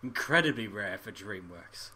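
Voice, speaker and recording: A man's voice: fairly low pitch, animated, moderate pace, sharp tone, husky. A man co-hosting a casual podcast chat, enthusiastic, laughing often and chiming in with agreement. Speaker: podcast co-host.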